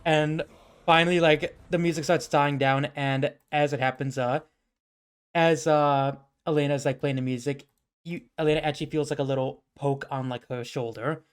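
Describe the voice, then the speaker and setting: A man's voice: fairly high pitch, steady tone, moderate pace, clean tone. A man running a tabletop game with a slightly raised voice. He narrates casually and loosely, fills his lines with "like", and laughs along with his players. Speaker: game master.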